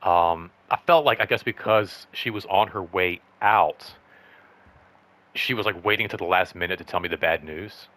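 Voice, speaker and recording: Deep-voiced man rambling through a vlog update. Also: normal speed. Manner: rambling, lots of "like" and "um"; excited, upbeat. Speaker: channel host. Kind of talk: casual personal update vlog.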